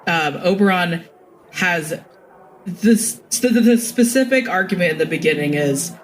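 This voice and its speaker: A man's voice: high voice, animated, a little slow, slight background noise, rough recording. A man co-hosting a casual podcast, loosely explaining lore with a joking, rambling manner. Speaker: podcast co-host.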